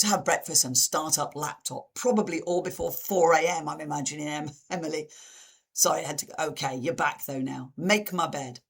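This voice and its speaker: A woman giving a live online talk as presenter, over a video call, acting out quoted reactions with big sudden jumps in voice. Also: breathy edge. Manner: lively, acts out dramatic quotes with big pitch jumps. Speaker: webinar presenter.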